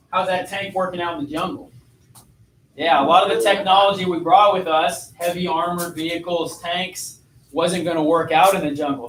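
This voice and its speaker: A man's voice: high-pitched, fairly bright tone, distant mic, a little hiss or hum. Man lecturing in an echoey classroom. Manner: conversational, asks students questions. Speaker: history teacher.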